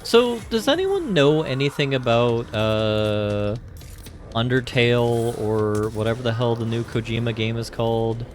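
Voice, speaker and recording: A man's voice: mid-range voice, measured pace. A man streaming a video game live, chatting casually and rambling with lots of fillers. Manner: rambling, filler-heavy musing. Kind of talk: casual gameplay commentary.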